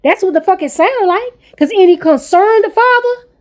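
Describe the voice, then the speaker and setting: Angry, high-voiced woman venting bluntly. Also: animated, normal speed. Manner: blunt, heavy swearing, repeats herself. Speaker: parent vlogger.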